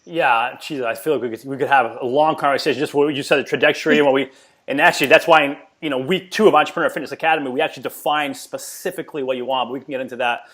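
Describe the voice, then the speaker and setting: A man in his forties telling a story as a podcast guest in an energetic, emphatic way, often repeating words. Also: medium pitch, racing. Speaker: podcast guest, fitness entrepreneur. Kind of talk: casual storytelling interview.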